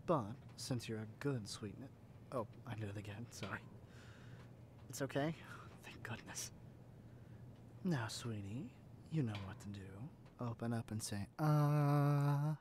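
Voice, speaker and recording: A man voicing a doting, possessive male yandere captor in a whispered role-play, talking softly and sweetly, often in a whisper. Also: medium pitch, measured pace, background noise, lightly acted. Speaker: ASMR roleplay performer.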